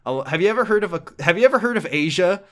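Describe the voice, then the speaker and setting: A man hosting a podcast, casually recapping a video game in an animated, rambling way, swearing and laughing as he goes. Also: sits high, rapid-fire. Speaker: podcast host.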